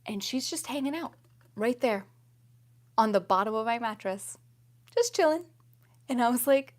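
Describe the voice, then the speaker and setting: A young woman vlogger chatting casually to her viewers, laughing often and swinging between loud exclamations and hushed whispers. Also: fairly high pitch, lively intonation, measured pace, long pauses. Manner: laughs often while talking.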